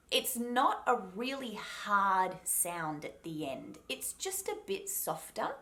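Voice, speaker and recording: A young adult woman with an Australian accent, coaching pronunciation to camera and slowing down to model each sound clearly. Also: medium pitch, fairly bright tone.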